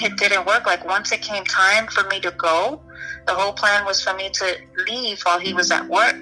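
A young woman with a very bright, sharp-edged voice tells her own story in an interview. She talks candidly, stopping and restarting, leaning on "you know" as she goes. Faint music sits low under her voice. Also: steady tone, moderate pace, poor audio. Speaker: guest.

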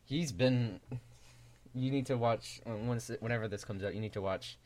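A man's voice: medium pitch, normal speed, a little mellow. A man joking and teasing friends on an online group call, talking into a desk microphone. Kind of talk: casual group chat.

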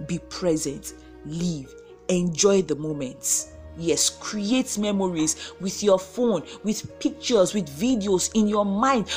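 Nigerian woman, high lively voice, motivational faith vlog, faint music underneath. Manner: animated, preachy, acts out quoted voices. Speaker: motivational vlogger.

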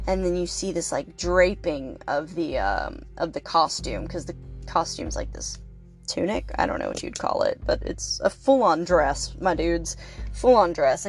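A young woman hosting a podcast, reviewing a movie in a casual, chatty way with plenty of swearing, fillers and playful asides. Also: lowish voice. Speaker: podcast host.

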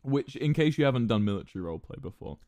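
A man's voice: mid-range voice, animated, fast, warm tone, no room sound. A man in his thirties telling a gaming story in casual style, swearing freely, laughing a lot and often restarting his sentences.

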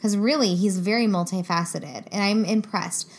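A woman's voice: mid-range voice, moderate pace. A young woman co-hosting a podcast in casual chat, giggly and chatty, often trailing off mid-sentence. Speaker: podcast co-host.

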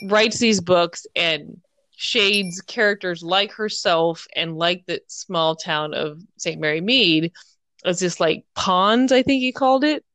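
A woman co-hosting a casual book discussion, lively and quick to act out the characters' lines. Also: on the low side, dry recording. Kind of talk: casual chat.

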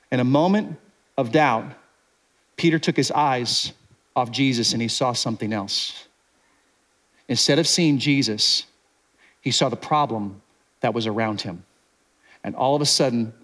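A pastor with a medium-pitched voice preaches a sermon in a casual, conversational way. He acts out what people in the story are thinking and drops to a quiet, intense voice for serious points.

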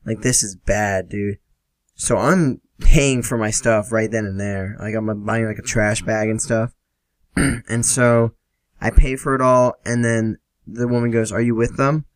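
A man's voice: mid-range voice, steady tone, a little slow, no echo. Rambling young man telling a story. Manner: rambling, frequent "like" fillers, swearing. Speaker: podcast host. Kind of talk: casual storytelling.

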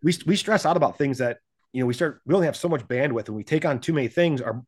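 Fast-talking man, animated casual chat. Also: medium pitch, breathy edge. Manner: animated, acts out quoted voices, laughs often. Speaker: podcast guest, business and gym owner.

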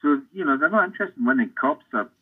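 An older Scottish man, a former footballer, telling rambling anecdotes in an interview with a husky voice. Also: mid-range voice, animated, quick pace. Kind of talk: storytelling interview. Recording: tinny phone-like line.

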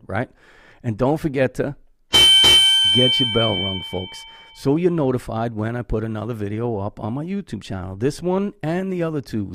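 A man's voice: mid-range voice, gravelly, mellow, dry recording. Earnest rambling man, dry sound. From Irish heritage. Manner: rambling, earnest, many fillers. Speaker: YouTube host. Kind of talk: casual talk to camera. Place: his home studio.

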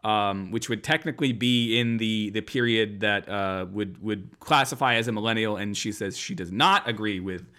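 A man's voice: lowish voice, moderate pace, hardly any pauses, pushed and bright. A man co-hosting a casual podcast, rambling with lots of fillers. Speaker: podcast co-host. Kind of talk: casual chat.

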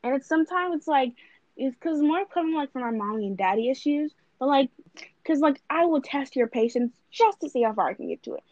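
A woman's voice: high voice, expressive, fairly quick, a little mellow, no room sound, highs cut off. Blunt, cursing young woman podcaster. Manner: blunt, profane, rambling with many fillers. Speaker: podcast co-host. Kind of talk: casual chat.

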